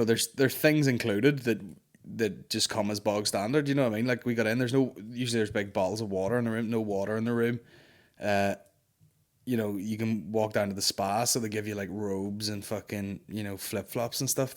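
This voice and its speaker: A man's voice: lowish voice, brisk. Sweary man ranting. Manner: sweary, exasperated, animated storytelling. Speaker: podcast host. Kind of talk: comic storytelling rant.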